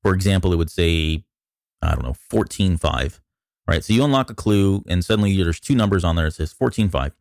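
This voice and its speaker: A man's voice: low voice, expressive, fairly quick, creaky, a little mellow, no echo, studio quality. A man co-hosting a podcast who is losing his voice. He explains things at length with lots of restarts. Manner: explains in detail, with many restarts and fillers. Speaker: podcast co-host.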